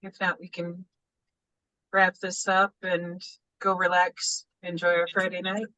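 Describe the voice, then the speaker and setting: A woman leading a reading group over a video call sounds sleepy and relaxed, yawning now and then. Her voice is bright and close, with no room echo. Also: on the low side, measured pace. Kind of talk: casual online group chat.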